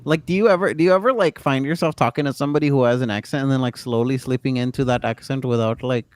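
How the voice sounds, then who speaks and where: A man's voice: mid-range voice, fast talker. A man co-hosting a stream, bantering casually and asking the others questions. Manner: joking, asks questions, banter. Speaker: stream co-host. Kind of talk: casual chat.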